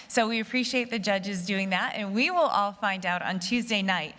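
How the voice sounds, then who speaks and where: A woman's voice: mid-range voice, moderate pace, bright, forceful tone. A woman hosting a live photography competition broadcast, making conversational, upbeat announcements. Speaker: competition host. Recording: long hall reverb.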